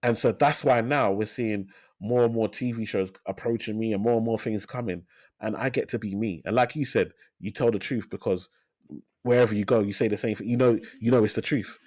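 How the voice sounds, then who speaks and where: A man in his thirties, a financial advisor, talking in a casual interview as an energetic storyteller who repeats phrases for emphasis. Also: lowish voice, brisk, dry recording, studio quality. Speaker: financial advisor, podcast guest.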